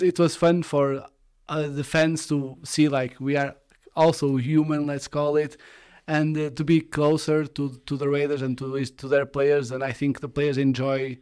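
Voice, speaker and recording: A man's voice: a little high, a little mellow, smooth. A young man chatting easily on a livestream, often repeating words as he searches for them. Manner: easygoing, repeats himself while searching for words. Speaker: graphic designer and videographer. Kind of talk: casual livestream chat.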